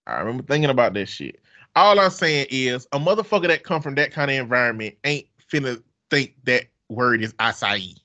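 Talking fairly quickly in a mid-range voice, this Alabama man keeps the casual conversation lively, cursing freely and laughing a lot.

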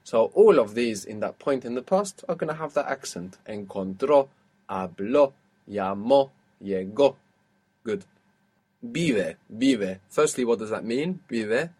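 A man's voice: mid-range voice, sing-song, measured pace, darkish tone, slightly rough. A man teaching a language lesson, patiently asking questions and explaining rules step by step.

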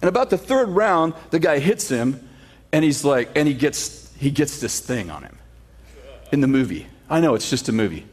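A man preaching a sermon, telling a story with sarcastic humor, then reading scripture slowly. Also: a little high, sing-song. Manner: reads scripture slowly and steadily. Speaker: pastor.

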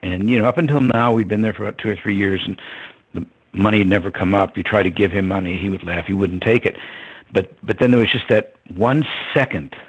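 An older man tells a long personal story to an interviewer. His voice sits low and slightly husky, and he muses aloud with ums and soft chuckles. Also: fairly quick, lo-fi sound. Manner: reflective, chuckling, with fillers. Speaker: interview guest.

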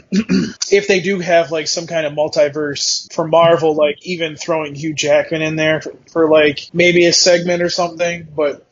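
A man with a somewhat high voice chats eagerly on a casual podcast, swearing freely and retelling his own reactions. The recording is dull and lo-fi, with faint background noise. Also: level tone, unhurried. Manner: enthusiastic, profane, quotes himself. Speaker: podcast co-host.

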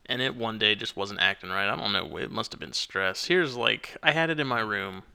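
A young man co-hosting a podcast, chatting casually and rambling through his stories with lots of restarts. His voice has a gravelly grain and a bright, forceful edge. He sounds like an everyday guy talking into a podcast mic. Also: on the low side, normal speed. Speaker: podcast co-host. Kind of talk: casual chat.

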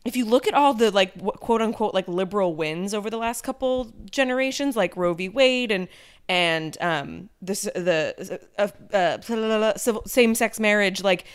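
A chatty woman host with a smooth, resonant voice. She leads the conversation casually, with a lot of fillers and self-deprecating remarks. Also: mid-range voice, moderate pace. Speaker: podcast host. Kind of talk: casual political chat.

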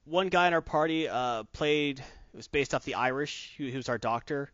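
A man's voice: mid-range voice, moderate pace, fairly bright tone, dry recording. Enthusiastic rambling man, dull dry sound. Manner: enthusiastic, rambling with many restarts. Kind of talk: casual chat about tabletop games.

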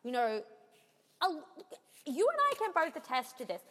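A woman from Australia with an Australian accent, co-hosting a casual podcast chat, animated and full of quick asides. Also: high voice, in a large hall. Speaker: podcast co-host.

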